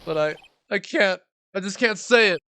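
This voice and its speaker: A man voicing a panicky, earnest young male defense attorney in a high, strained, loud voice. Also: moderate pace, clean tone. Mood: anxious. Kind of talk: game dialogue read aloud.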